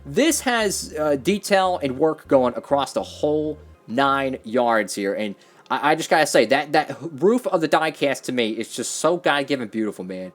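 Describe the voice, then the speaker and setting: Lively, excitable male toy-car reviewer. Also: mid-range voice, normal speed, faint music behind. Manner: enthusiastic, rambling with fillers and repeats. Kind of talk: casual product review.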